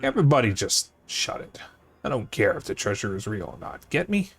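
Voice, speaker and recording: A gravelly-edged mob boss with a put-on old-time gangster accent, played by a man. He talks low and slangy, swooping around as he reads, tough on the outside with a soft spot. It sounds like a game being read aloud on a stream. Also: big pitch swings, a little fast. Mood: commanding. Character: gruff older male mob boss, tough but soft-hearted.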